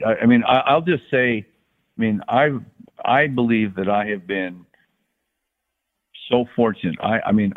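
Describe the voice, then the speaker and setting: Older man telling stories over tinny phone audio. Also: sits low. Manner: folksy, halting, frequent restarts, acts out quoted voices. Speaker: guest, former baseball athletic trainer. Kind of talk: relaxed anecdotal storytelling.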